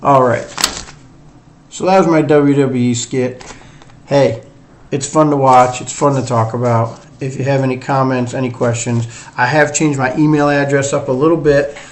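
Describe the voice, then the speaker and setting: A man's voice: medium pitch, steady tone, normal speed, slight background noise. A middle-aged man with a mixed Northern and Southern US drawl, hosting a casual solo sports show in a rambling, chatty, self-deprecating way. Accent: mix of Northern US and Southern US drawl. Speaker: sports podcast host.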